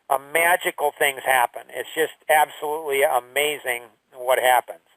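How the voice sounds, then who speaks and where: A man's voice: fairly high pitch, moderate pace, a bit bright, no echo, far from the mic, rough recording. A man teaching a recorded lesson, telling personal stories in a rambling, anecdotal way full of "you know" and "like". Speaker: course instructor.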